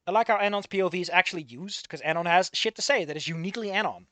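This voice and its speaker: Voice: mid-range voice, racing, a bit bright, no room sound. A person reading a fan story aloud and breaking off for sarcastic, swearing commentary. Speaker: fanfic reader and reviewer.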